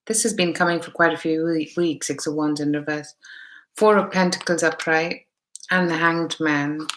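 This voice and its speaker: A woman speaks in a low, level voice at a moderate pace, her tone fairly bright amid slight background noise. She has a mixed Indian accent and keeps up casual live-stream chat while reading tarot, naming viewers and reflecting aloud on the cards.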